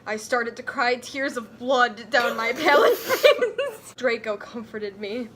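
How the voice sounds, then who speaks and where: A woman reading a fan story aloud for comedy, giggling and yelling the quoted lines. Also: a little high, lively intonation, takes it slowly, a crowd in the background. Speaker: comedy reader.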